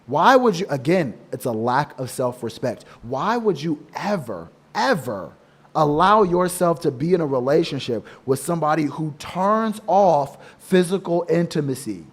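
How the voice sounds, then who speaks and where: A man's voice: fairly high pitch, expressive, unhurried, breathy edge. A man giving emphatic, repetitive dating advice to other men in a casual, slangy monologue. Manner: emphatic, preachy, repeats for stress; casual slang, addresses listener as bro. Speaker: men's dating coach.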